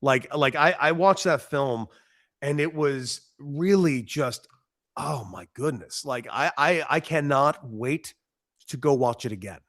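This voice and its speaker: A man's voice: mid-range voice, expressive, a little slow, a bit bright, no room sound, studio quality. A man in his thirties from Los Angeles, co-hosting a casual podcast, emphatic and enthusiastic, swearing freely. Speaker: podcast co-host. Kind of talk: casual sports podcast chat.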